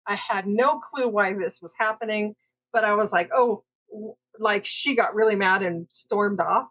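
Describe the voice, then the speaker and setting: Woman vlogger, casual hesitant storytelling, mid-pitched, dull lo-fi recording. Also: moderate pace, a bit bright. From Southern California. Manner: rambling, hesitant, full of fillers and self-corrections.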